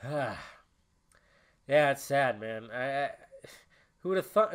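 A man's voice: medium pitch, expressive, slow pace, a bit bright, smooth. A young man hosting a casual solo podcast, rambling and emotional, cursing often as he talks. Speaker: podcast host.

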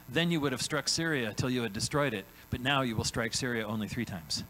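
A man's voice: medium pitch, a bit bright, a little hiss or hum, rough recording. Conversational male preacher, tag questions. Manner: acts out biblical characters in quick voiced asides. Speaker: pastor. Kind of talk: sermon.

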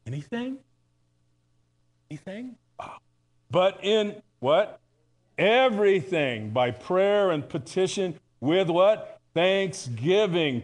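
A man preaching a live sermon in church, talking in a conversational, humorous way with sudden emphatic bursts. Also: a little high. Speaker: pastor. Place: church sanctuary.

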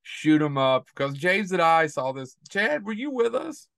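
A man's voice: a little high, sing-song, unhurried, creaky, fairly bright tone, no room sound, clean studio sound. A man hosting a movie podcast, upbeat and enthusiastic in casual chat. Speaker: podcast host.

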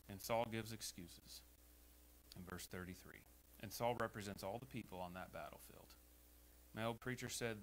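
A man with an American accent preaching a sermon as pastor in a church, emphatic and rising to loud exhortations. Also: lowish voice, moderate pace, long pauses, low-quality recording. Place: church sanctuary. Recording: faint hum behind the voice.

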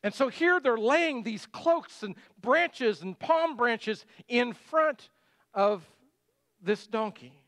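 A man's voice: extremely high pitch, animated, slow pace, fairly bright tone, dry recording. A middle-aged male pastor giving a conversational sermon full of rhetorical questions.

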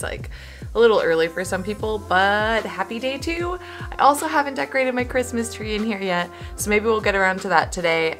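Young female home vlogger, low voice with a bright edge, rambly and casual. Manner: chatty and rambling, full of fillers and little laughs. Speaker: sewing and cosplay vlogger. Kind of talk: casual vlog.

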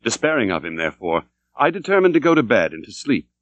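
Male audiobook narrator, dramatic reading, lively pitch, mid-range voice. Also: quick pace. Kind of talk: scripted literary narration. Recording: dull dry recording.

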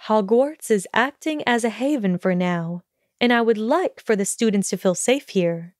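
A woman voicing a calm, steady older headmistress witch in a storybook reading, speaking evenly and measuredly. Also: medium pitch, dry recording, studio quality, natural voice. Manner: even, measured delivery.

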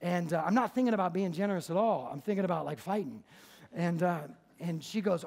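A man preaching as a pastor, telling a story in a lively, conversational, jokey way. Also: high voice, brisk. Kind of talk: sermon with storytelling. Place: church service.

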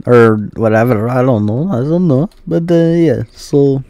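A man's voice: medium pitch, unhurried, warm tone. Young man teasing a friend. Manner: rambling, teasing, mock-dramatic. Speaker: friend on voice chat. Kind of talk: casual gaming chat.

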